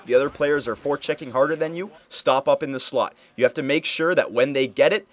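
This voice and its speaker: A man's voice: medium pitch, dry recording. A young man hosting a casual game tutorial, explaining plays over footage in a coaching tone and often checking in with "okay?". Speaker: video game tutorial host. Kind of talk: casual gameplay tutorial commentary.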